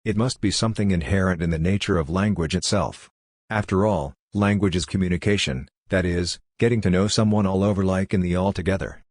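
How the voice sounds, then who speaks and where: A man's voice: deep voice, brisk, darkish tone, dry recording, studio quality. A man reading the lines of a young male doctor who lectures in a matter-of-fact way. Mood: lecturing.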